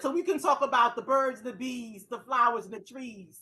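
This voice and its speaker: A middle-aged woman hosting a talk show, speaking casually and animatedly to her audience, preachy and quick to digress. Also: fairly high pitch, sharp tone. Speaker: talk show host and therapist.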